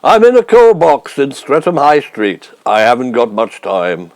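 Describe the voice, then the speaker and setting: A man's voice: medium pitch, wildly swooping pitch, a little slow, a little mellow, no echo, voice pushed down. A man doing a spoof impression of a pompous older prime minister calling from a phone box, with a clipped, impatient manner. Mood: blustering.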